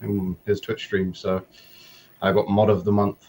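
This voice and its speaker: A man's voice: lowish voice, level tone, measured pace, darkish tone. A young man joining a video call, talking in an eager, chatty way. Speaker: guest. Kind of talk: casual video call chat.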